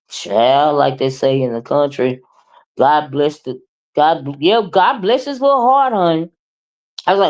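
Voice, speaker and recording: Woman, sassy, expressive, drawling, casual livestream talk. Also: sits low, normal speed, low-quality recording. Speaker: livestream commentator.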